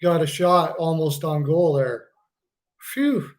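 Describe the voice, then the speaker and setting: A man's voice: on the high side, slow. A man hosting a live stream, reacting casually to a hockey game. He jokes, laughs a lot and swears freely.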